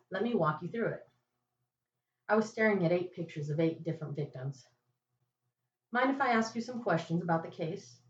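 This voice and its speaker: A woman's voice: deep voice, a little hiss or hum. A woman podcast host reading a first-person detective story in a dry, wry narrating voice. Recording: echoey, distant, muffled home recording.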